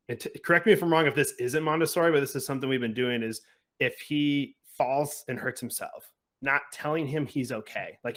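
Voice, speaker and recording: A man in casual conversation who rambles through his thoughts, leaning on fillers and acting out little dialogues with his young son. His voice sits at an ordinary middle pitch for a man, relaxed and unpolished. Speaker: podcast host and parent. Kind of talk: casual chat.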